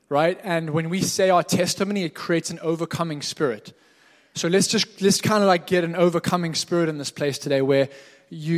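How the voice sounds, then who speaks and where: A man from Zimbabwe with a British accent, preaching a sermon as a guest pastor in a chatty, story-telling way with touches of humor. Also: on the high side. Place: church hall. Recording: long church-hall reverb.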